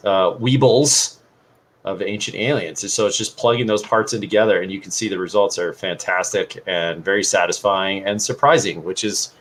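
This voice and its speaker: A man's voice: sits low, normal speed, a bit bright, slight background noise. A man co-hosting a casual livestream, explaining things in a loose, rambling way with lots of fillers. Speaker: livestream co-host.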